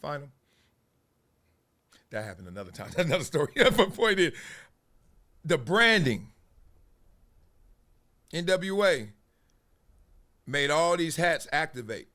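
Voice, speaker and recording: A man's voice: fairly high pitch, slow pace, long pauses. A man from Los Angeles hosting a show, telling a story in casual street slang and acting out the scenes with laughs. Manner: animated, acts out scenes with laughs. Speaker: host.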